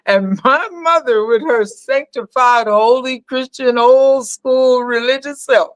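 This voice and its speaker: A woman's voice: sits high, takes it slowly, no echo. An older woman telling a family story in a casual conversation with her son, acting out the people she quotes. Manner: animated storyteller, acts out quoted voices. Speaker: guest, mother of the host.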